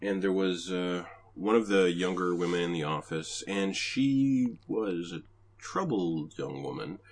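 Low-voiced man telling work stories. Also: measured pace, slight background noise. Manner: storytelling, animated when acting out quotes. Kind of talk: casual chat.

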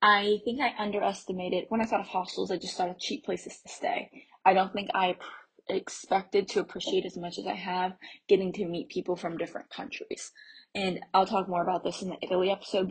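A young woman from Pennsylvania recounts her travels in a loose, chatty way, peppering her sentences with "like" and little laughs. Her voice is very breathy and airy, sitting at an ordinary middle pitch. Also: flat delivery, fairly quick, rough recording. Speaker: travel vlogger. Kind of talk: casual travel storytelling.

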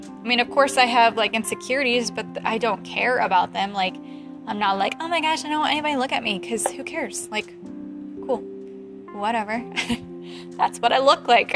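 Heated, chatty young woman over music. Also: on the high side. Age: 20s. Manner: animated, heated, laughs often. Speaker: photographer. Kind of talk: casual chat.

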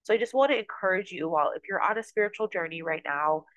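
A woman's voice: on the low side, fast talker, a bit bright, no room sound, low-quality recording. A woman hosting a podcast, talking earnestly and a bit rambling about her spiritual life. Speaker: podcast host. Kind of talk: casual spiritual talk.

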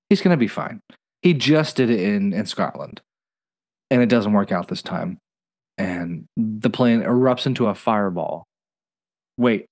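A man's voice: on the low side, a little mellow. A man co-hosting a casual podcast, telling stories animatedly and slipping into playful voices. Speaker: podcast co-host. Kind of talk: casual TV recap chat.

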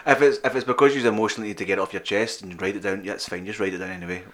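Crude, bright-voiced man. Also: fairly low pitch, steady tone. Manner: crude, rambling, quick to laugh. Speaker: podcast co-host. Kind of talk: casual comedic chat.

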